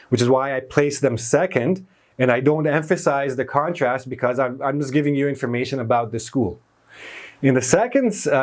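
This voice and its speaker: A man teaching an English grammar lesson, explaining patiently and stressing key words. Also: mid-range voice.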